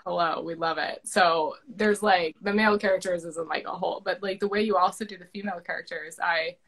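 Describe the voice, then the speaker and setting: A woman's voice: lowish voice, fairly even intonation, fairly quick, a bit bright, poor audio. A woman author interviewing her narrator in casual chat, effusive and gushing, with many fillers and restarts.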